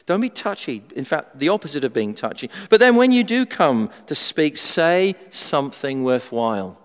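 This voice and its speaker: Middle-aged male preacher, animated and funny, big pitch swings, recorded with long hall reverb. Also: normal speed, smooth. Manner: animated, humorous, acts out everyday voices. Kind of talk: sermon.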